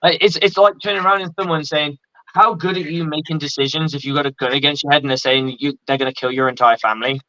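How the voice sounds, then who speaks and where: A man hosting a casual sports talk show, excitable, swearing and restarting his sentences. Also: medium pitch, racing, hardly any pauses, no echo. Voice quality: excitable and profane, many restarts. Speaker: host. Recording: dry, dull lo-fi sound.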